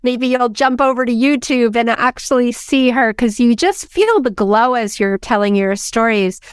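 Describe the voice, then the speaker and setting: Effusive high-voiced woman podcast host. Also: moderate pace, smooth, no room sound, clean studio sound. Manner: effusive and encouraging. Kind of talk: interview host reacting and asking questions.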